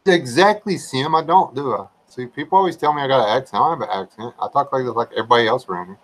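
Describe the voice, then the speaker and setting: A man's voice: medium pitch, rapid-fire, a bit bright, rough recording. A man rambling through casual, folksy livestream chat. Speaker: livestream regular.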